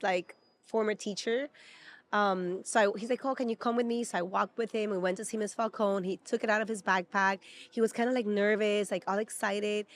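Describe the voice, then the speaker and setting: A woman in her thirties from Peru, a native Spanish speaker, co-hosting a casual chat and talking emotionally with lots of fillers. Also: medium pitch. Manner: chatty and emotional, many fillers. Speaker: podcast co-host. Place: at a theme park.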